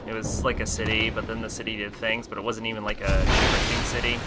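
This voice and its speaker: A man's voice: lowish voice, little pitch movement, quick pace, loud music behind the voice. A man streaming and chatting casually, rambling with lots of fillers and laughing easily.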